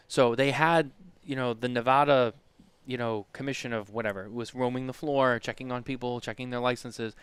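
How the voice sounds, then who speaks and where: A man co-hosting a relaxed podcast, spinning a rambling story full of restarts and quoted back-and-forth. His voice is smooth and resonant, recorded close and dry with no room sound. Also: mid-range voice, no room sound. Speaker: podcast co-host. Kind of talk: casual chat.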